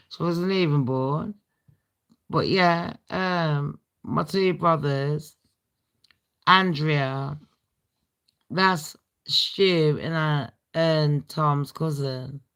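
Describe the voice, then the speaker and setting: A woman's voice: low voice, a bit bright. A British woman hosting a casual storytime chat, blunt and full of swearing and laughing asides. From Britain. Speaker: livestream host.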